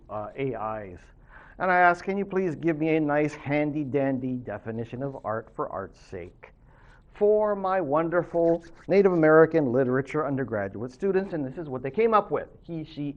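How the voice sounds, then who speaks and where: A man lectures to his students in a chatty, joking way, slipping asides between his points. His voice sits a bit high and moves around animatedly. The recording sounds dull and lo-fi. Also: sing-song, moderate pace. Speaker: professor.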